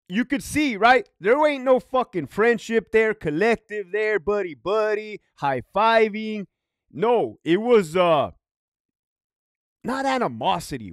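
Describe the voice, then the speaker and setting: A man's voice: high voice, no echo, studio quality. A man, a former prison guard, telling stories in a casual, profane, emphatic way, often checking in with "right?". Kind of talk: casual storytelling monologue.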